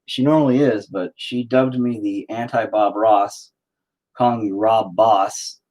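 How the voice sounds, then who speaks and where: A man streaming his painting has a lowish, darkish voice with fairly even intonation and a measured pace. He rambles to himself as he works, swearing constantly in casual self-critique.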